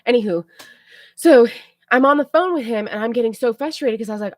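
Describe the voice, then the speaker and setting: A woman with a voice a little higher than most chats with her viewers during a livestream. She retells a story in a lively way and keeps checking in with the audience. The sound is dry and close, with no room echo. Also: fairly quick. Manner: chatty, animated retelling, keeps checking in with "okay?". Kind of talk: casual storytelling chat with viewers.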